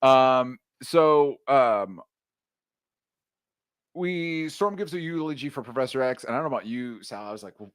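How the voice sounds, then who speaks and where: A man co-hosting a casual podcast, recapping a film in a loose, relaxed way and swearing freely. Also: mid-range voice, unhurried, long pauses, clear, resonant tone, no room sound, clean studio sound. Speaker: podcast co-host. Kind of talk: casual movie recap chat.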